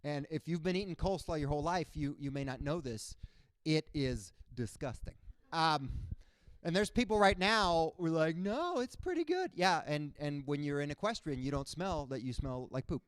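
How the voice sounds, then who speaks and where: A young man from Cuba doing a stand-up comedy set, animated and jumping into high character voices. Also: moderate pace, clear, resonant tone, no room sound.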